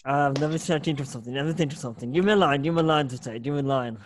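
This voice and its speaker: A man's voice: medium pitch, very fast, a little hiss or hum. A man in his twenties chatting casually and playfully in a comedy podcast, often self-deprecating. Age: 20s. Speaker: podcast co-host.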